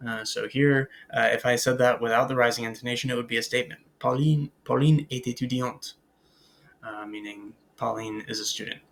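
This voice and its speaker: Gravelly man teaching French vocabulary. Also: medium pitch, little pitch movement, fast talker, hardly any pauses, a bit bright, a little hiss or hum. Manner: explains in English, models French words and phrases aloud, frequent "uh" and "um". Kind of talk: recorded language lecture.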